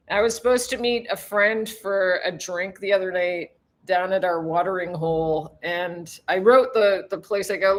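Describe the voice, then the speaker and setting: A woman's voice: mid-range voice, a bit bright. A woman hosting a casual livestream from home, rambling and chatty, laughing often as she greets viewers. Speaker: livestream host, tour guide. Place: home in a tropical town.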